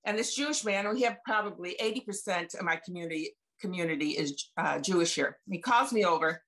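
A woman's voice: on the low side, brisk, a bit bright. A woman in her seventies sharing a personal faith testimony over a video call, chatty and folksy, retelling conversations with emphasis. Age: 70s. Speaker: guest speaker sharing testimony.

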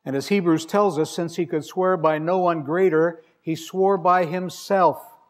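Wry, higher-voiced male preacher. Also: steady tone, a little slow. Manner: wry, conversational storytelling with emphatic scripture reading. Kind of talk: sermon.

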